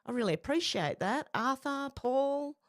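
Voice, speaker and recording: A woman's voice: sits high, expressive, measured pace, no room sound, clean studio sound. A woman hosting a casual live stream, greeting viewers and talking with feeling. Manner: emotional, breaks into soft singing.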